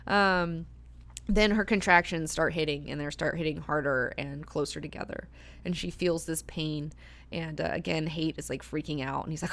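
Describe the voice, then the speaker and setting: A woman's voice: deep voice, moderate pace, a bit bright. A woman hosting a book club discussion, talking casually with many fillers and frequent swearing. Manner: chatty, filler-heavy, swears freely.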